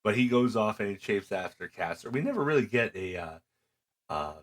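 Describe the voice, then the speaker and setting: Man, middle-aged, very low pitch, casual podcast chat, animated storyteller. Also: moderate pace. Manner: animated storyteller, acts out quoted lines. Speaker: podcast co-host. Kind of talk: casual chat recapping wrestling.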